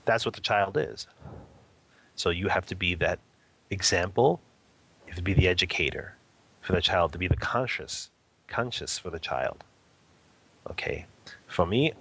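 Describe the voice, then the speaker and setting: A man with a low, slightly bright voice speaks as an interview guest, a father who practices meditation at home. His casual spoken teaching covers family life and spiritual practice. He chuckles often and keeps checking in with "okay?" and "you know."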